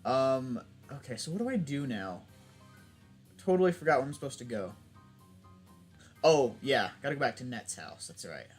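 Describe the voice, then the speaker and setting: A man's voice: mid-range voice, big pitch swings, moderate pace, long pauses, soft background music. A young man chatting casually while playing a video game, rambling and restarting his sentences. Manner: rambling, self-interrupting, laughs often. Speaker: gaming YouTuber. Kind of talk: casual let's play chat.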